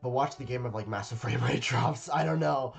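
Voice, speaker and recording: A man's voice: mid-range voice, fairly quick, gravelly, faint music behind. A man reacting to a game trailer in casual commentary, rambling and hesitant with lots of fillers and repeated words, recorded at a home webcam setup.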